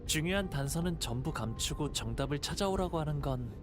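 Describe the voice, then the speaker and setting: An actor voicing a polite, soft-spoken young man in a game, over game music. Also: on the high side, expressive, rapid-fire, lightly acted. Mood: mild complaint.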